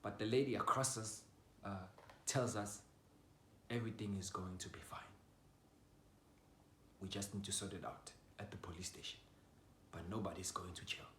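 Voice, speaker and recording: A young man telling a personal story in a casual way. He swings from loud outbursts to low mutters and swears freely. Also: steady tone, normal speed, long pauses, slight background noise. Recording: roomy echo.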